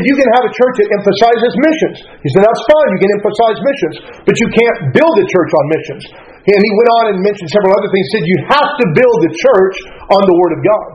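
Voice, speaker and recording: A middle-aged man preaches a sermon in an earnest, conversational way and reads scripture aloud. His voice sits high and moves at a brisk clip. The sound is dull and lo-fi, like an old broadcast recording. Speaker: pastor.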